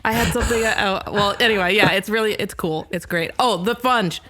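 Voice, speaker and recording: A woman's voice: mid-range voice, fairly quick, fairly bright tone. A woman guest on a podcast, chatting over a video call, rambling with lots of fillers and frequent giggles. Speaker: guest musician. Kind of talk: casual interview chat.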